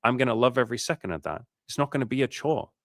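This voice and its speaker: A man's voice: mid-range voice, expressive, very fast, no room sound, clean studio sound. A man coaching on a livestream in a casual, profane and fired-up way, talking emphatically. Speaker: dating coach.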